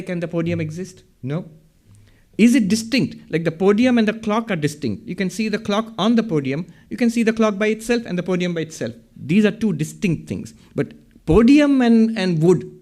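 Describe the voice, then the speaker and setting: A man with a fairly high voice lectures from a podium. He builds each point slowly and keeps putting questions to the listeners, then answers them himself. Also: a little mellow. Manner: explanatory, asks the audience rhetorical questions. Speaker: lecturer on Vedanta. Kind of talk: public lecture. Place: hall with a podium. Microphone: speaking at a podium.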